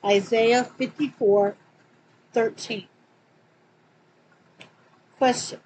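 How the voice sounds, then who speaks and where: A woman with a Southern accent, reading Bible questions and verses aloud slowly, with small slips and asides. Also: fairly high pitch, fairly even intonation, dark tone, a little hiss or hum, low-quality recording. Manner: slow and deliberate, reads quotes slowly with small slips and asides. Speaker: Bible study reader.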